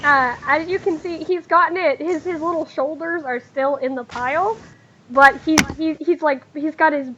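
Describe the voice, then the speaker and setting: Brief: woman GM, quite high voice, halting delivery, slightly muffled lo-fi sound. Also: bright, forceful tone, slight background noise. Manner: halting, many fillers and restarts. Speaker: game master. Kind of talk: narrating a tabletop game.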